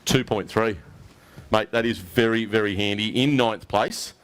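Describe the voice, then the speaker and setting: A man's voice: lowish voice, measured pace, fairly bright tone. An Australian man emceeing an outdoor fishing weigh-in, chatty and joking with each angler. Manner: chatty, jokey, mate-heavy banter. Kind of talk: casual event commentary.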